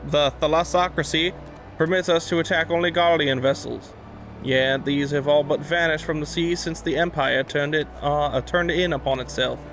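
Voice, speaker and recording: A man's voice: a little high, fairly bright tone. A man voicing a dry, formal pirate captain. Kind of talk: reading game dialogue aloud.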